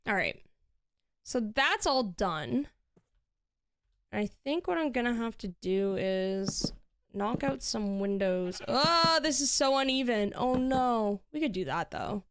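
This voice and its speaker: A woman's voice: fairly high pitch, sing-song, takes it slowly, smooth. A woman streaming and chatting casually while she builds in a game, laughing often.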